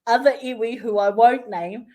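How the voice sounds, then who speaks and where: Animated New Zealand woman telling a story. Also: fairly high pitch, normal speed. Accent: New Zealand English. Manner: lively storyteller who acts out quoted voices, often laughing. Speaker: interview guest, community health worker. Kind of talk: casual radio interview storytelling.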